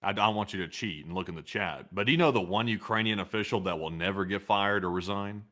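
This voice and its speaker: Bright-voiced rambling male co-host. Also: fairly low pitch, fast. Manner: joking, rambling with repeated words. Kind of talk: casual chat.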